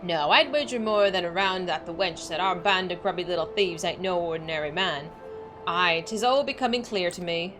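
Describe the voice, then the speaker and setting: A woman's voice: fairly low pitch, normal speed, over music, lightly acted. A woman voicing a blustering male sea officer in a game, speaking in a put-on seafaring dialect full of old sailor talk. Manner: old-fashioned sailor speech with ye, aye and ain't. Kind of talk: reading game dialogue aloud.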